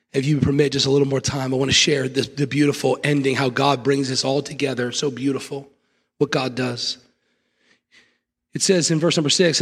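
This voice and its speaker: A male pastor preaches fervently, driving points home through repetition. His voice is bright and husky, somewhat high, and carries a church hall's long reverb. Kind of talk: sermon.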